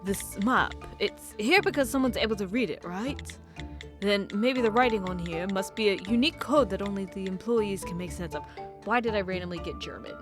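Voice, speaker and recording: A woman's voice: mid-range voice, normal speed, lightly acted. A woman putting on a shaky posh British game hero. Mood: thoughtful. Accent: put-on British. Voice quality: shaky exaggerated posh accent. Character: young new bureau employee, curious and chatty. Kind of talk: game dialogue read aloud. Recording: game music playing behind.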